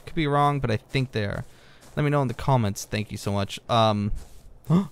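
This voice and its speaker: A man's voice: mid-range voice, a little fast, clear, resonant tone. Rambling, easily distracted young man gaming. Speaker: gaming video creator. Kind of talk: casual let's-play commentary.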